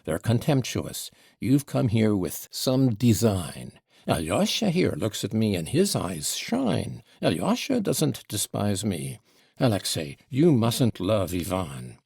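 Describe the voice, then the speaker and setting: A man's voice: on the low side, sing-song, slow, vocal fry, a little mellow, slightly rough, no room sound, studio quality, exaggerated voice. A man reading the part of a drunken, quarrelsome old father who rambles, wheedles and taunts, in an audiobook. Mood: suspicious, taunting.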